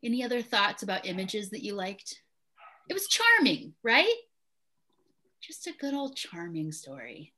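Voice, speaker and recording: A woman's voice: medium pitch, big pitch swings, measured pace, pushed and bright. A woman teaching a literature class, leading a chatty discussion with students and laughing often.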